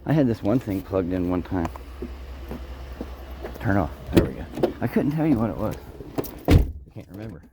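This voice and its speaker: Man, low and animated, joking self-filming scrap picker; noisy outdoor night recording. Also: moderate pace, long pauses. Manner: joking, rambling, mock voices of viewers. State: out of breath. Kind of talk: rambling casual vlog. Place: outdoors at night, curbside and in a vehicle.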